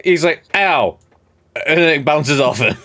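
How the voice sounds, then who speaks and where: A man's voice: on the high side, brisk, crowd noise. A man running a tabletop game as game master, narrating the scene and ruling on rolls in a rambling way with many fillers and frequent laughter.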